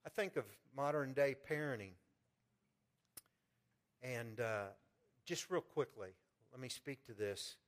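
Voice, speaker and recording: A man preaching a sermon in a folksy way, repeating words and swinging from loud fervent peaks to quiet storytelling. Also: medium pitch, animated, slow, long pauses. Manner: preaching with rising fervor, then soft storytelling. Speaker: pastor.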